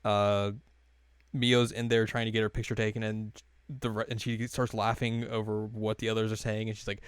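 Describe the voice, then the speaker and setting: A man's voice: on the low side, flat delivery, moderate pace, clean tone, no echo, clean studio sound. A young man co-hosting a podcast, casually recapping an anime episode with lots of fillers and chuckles. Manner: rambling, many fillers, laughs while retelling scenes.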